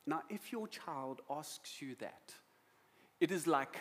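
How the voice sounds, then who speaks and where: Animated South African preacher, a man. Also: fairly high pitch, slow pace. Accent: South African English. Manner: animated, emotional storytelling. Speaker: pastor. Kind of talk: sermon.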